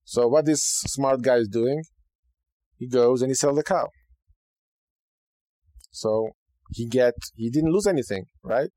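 A man's voice: mid-range voice, a little slow, pauses often, no echo. Dry-voiced man teaching casually. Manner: conversational, animated, frequent okay and right asides. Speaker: podcast host teaching Judaism.

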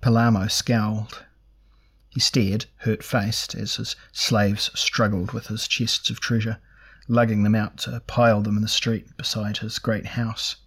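Male audiobook narrator, low voice, flat, measured delivery. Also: slightly rough. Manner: measured, even storytelling. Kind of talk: scripted fantasy narration.

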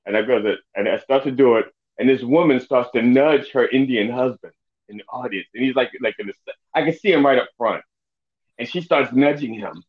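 A man of middle pitch tells stories on a podcast, rambling, swearing and stumbling over his starts. His sound is muffled and lo-fi, as if recorded on modest gear. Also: fairly quick. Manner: rambling storyteller, swears freely, many restarts. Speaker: comedian guest. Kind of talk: casual podcast chat.

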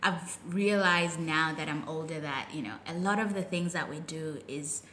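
A woman's voice: low-pitched, normal speed, pushed and bright. A woman hosting a podcast interview, upbeat and enthusiastic, asking friendly questions. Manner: enthusiastic, lots of "awesome". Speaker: podcast host. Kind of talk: casual interview. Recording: roomy echo, faint noise.

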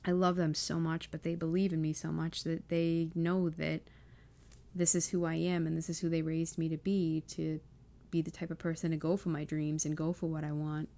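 Young woman vlogging, low gravelly voice, teary and rambly. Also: flat delivery, normal speed, mellow. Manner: emotional, confessional, many fillers. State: close to tears. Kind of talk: casual personal vlog.

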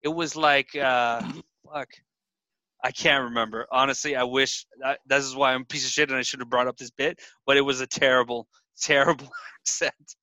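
A man's voice: medium pitch, normal speed, no echo. A man co-hosting a podcast, telling stories in crude casual banter, swearing and laughing often. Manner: laughs often, swears freely, animated storytelling. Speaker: podcast co-host.

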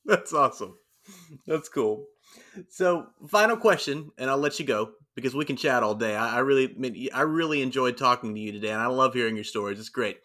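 A male host with a bright, crisp-edged voice. He leads a casual interview and asks his questions in an easygoing, encouraging tone. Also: medium pitch, a little fast.

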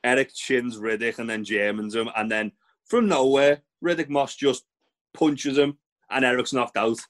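A man's voice: mid-range voice, fairly even intonation, moderate pace. A young man co-hosting a casual chat, recapping matches in a blunt, laid-back, sweary way. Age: young adult. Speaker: podcast co-host.

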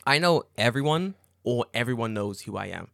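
Laughing, animated podcast guy. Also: mid-range voice, moderate pace, vocal fry, no room sound, studio quality. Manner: animated storyteller, laughs often, acts out quotes. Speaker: podcast co-host. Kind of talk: casual chat.

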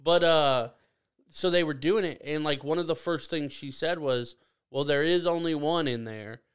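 A man's voice: a little high, moderate pace, smooth. Rambling casual male podcast host. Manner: rambling, self-correcting, joking.

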